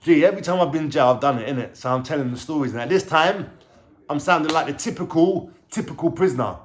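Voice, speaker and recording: A man with a London accent telling a personal story to camera in a casual, animated way, using heavy street slang and frequent swearing. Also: a little high, fast. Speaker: vlogger telling his life story.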